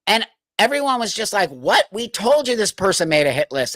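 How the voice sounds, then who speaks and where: A man's voice: sits high, sing-song, fairly quick, fairly bright tone, no echo. A man hosting a live stream, ranting in exasperation, swearing and laughing in disbelief. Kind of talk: casual live stream commentary.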